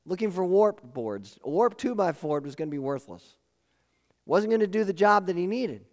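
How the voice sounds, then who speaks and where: A man's voice: high voice, animated, moderate pace, darkish tone. A man preaching a sermon with emphatic repeated phrases and questions to the congregation. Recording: long hall reverb.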